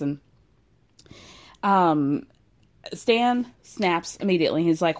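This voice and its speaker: A woman recapping a story in casual chat, animated and gossipy, laughing often. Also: fairly high pitch, measured pace.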